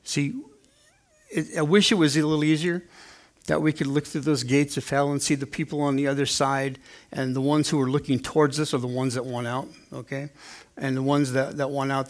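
Gravelly-voiced man in his sixties preaching. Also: mid-range voice. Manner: conversational preacher, acts out quotes in playful voices. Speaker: pastor. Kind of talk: sermon.

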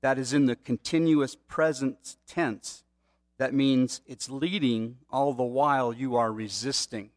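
A man's voice: mid-range voice, steady tone, a little slow, dry recording, clean studio sound. A middle-aged man preaching a sermon, telling stories in a conversational way with asides to the listeners. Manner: conversational, storytelling with asides to the audience. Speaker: pastor.

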